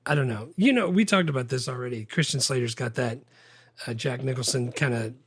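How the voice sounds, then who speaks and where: A man co-hosting a casual movie podcast, rambling and getting animated when he quotes lines. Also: mid-range voice, brisk, husky, no room sound. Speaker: podcast co-host.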